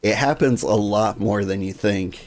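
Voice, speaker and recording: A man streaming a game, chatting casually and relaxed with his viewers. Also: lowish voice, normal speed. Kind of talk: casual gaming stream chat.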